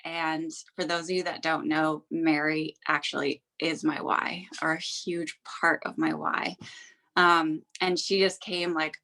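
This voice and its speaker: A woman's voice: low voice, flat delivery, slow pace, fairly bright tone. Teary young woman sharing her story. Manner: heartfelt and effusive, with laughs and fillers. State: teary, on the verge of tears. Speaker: guest sharing a business success story. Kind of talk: casual emotional testimony.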